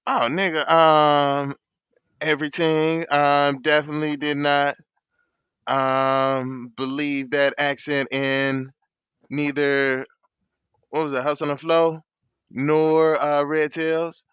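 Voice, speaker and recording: A man on a podcast, dismissive and full of ums, with a very smooth, clear voice. The mic sounds a bit dull and muffled, and the sound is dry. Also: a little high, flat delivery, takes it slowly, a bit bright, no room sound. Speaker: podcast co-host. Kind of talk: casual podcast banter.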